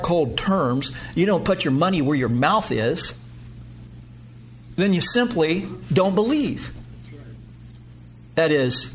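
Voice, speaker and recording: A man preaching a sermon as pastor to his congregation, emphatic, rising to loud peaks and dropping low. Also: a little hiss or hum.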